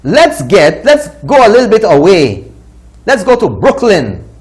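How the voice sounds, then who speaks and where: A man's voice: high-pitched, huge pitch swings, unhurried, a little mellow. A man with a Saint Lucian accent, hosting a talk show and delivering indignant opinion commentary. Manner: indignant, scolding.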